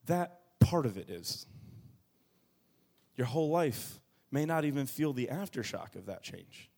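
A man preaching a sermon as pastor, moving between quiet low asides and loud, high bursts of emphasis. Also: big pitch swings, a little slow, vocal fry. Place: church.

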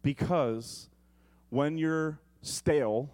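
A man's voice: fairly high pitch, drawn-out words, a little mellow. A male pastor preaching a sermon in a conversational way, with comic asides.

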